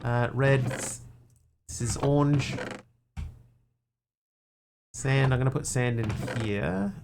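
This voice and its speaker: In a slow, creaky, medium-pitched voice against a noisy background, a man streams a game. Casual talk with viewers mixes with thinking aloud and under-the-breath counting of items.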